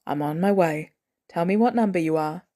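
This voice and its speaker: A woman voicing a gruff, guarded adult man who is protective, talking bluntly in clipped lines with swearing. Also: lowish voice, moderate pace, mellow, natural voice. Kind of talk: fan audiobook reading.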